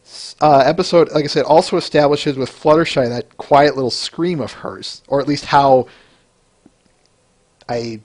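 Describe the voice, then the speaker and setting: A man's voice: fairly high pitch, normal speed, a little mellow. A man hosting a casual review podcast, rambling with frequent restarts and answering listeners by name between points. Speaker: podcast host.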